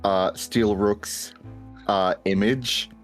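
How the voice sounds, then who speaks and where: Female player, chatty and amused, slow delivery. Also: a bass voice, steady tone, soft background music. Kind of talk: casual chat.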